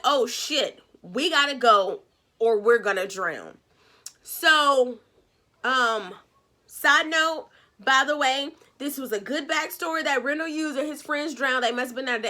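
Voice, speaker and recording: Woman vlogger, high bright voice, sassy and animated, casual episode recap. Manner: animated, sassy, acts out characters' lines.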